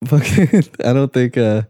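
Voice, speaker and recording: A man's voice: medium pitch, lively intonation, slow, mellow, no room sound, studio quality. A young man co-hosting a crude, casual podcast chat, laughing often and mocking posts he reads out. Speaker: podcast co-host.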